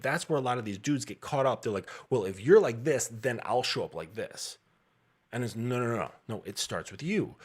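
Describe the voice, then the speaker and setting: A man's voice: medium pitch, husky. A man in his thirties, a dating coach, talking bluntly and casually with frequent profanity and laughs.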